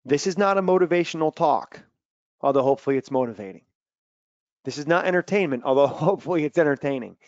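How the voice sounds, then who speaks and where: A man coaching athletes in a lively webinar talk, telling stories and acting out quotes loudly. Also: a little high, quick pace, dry recording, muffled recording. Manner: animated storytelling with loud acted-out quotes. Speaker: mental performance coach. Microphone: video call.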